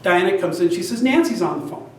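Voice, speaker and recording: An older man telling a lively personal story to an audience, acting out the other people's lines as he goes. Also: high-pitched, quick pace, heavy background noise. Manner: animated, self-described big talker, acts out both sides of dialogue. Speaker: genealogy society presenter. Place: meeting room with an audience. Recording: very echoey room, mic at a distance.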